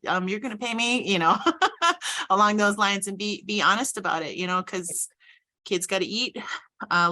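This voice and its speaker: A woman's voice: mid-range voice, pushed and bright. A woman speaking earnestly and reflectively as a panelist in a conversational discussion.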